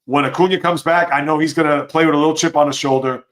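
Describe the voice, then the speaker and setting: Animated male sports stream host. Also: fairly high pitch, quick pace. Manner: animated, opinionated, reacts to chat comments. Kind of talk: live-stream sports talk reading chat.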